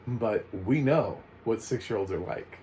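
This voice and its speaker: An American man giving a casual, chatty spoken film review, full of animated asides and fillers. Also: lowish voice, measured pace, a little hiss or hum, low-quality recording. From United States. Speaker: movie reviewer.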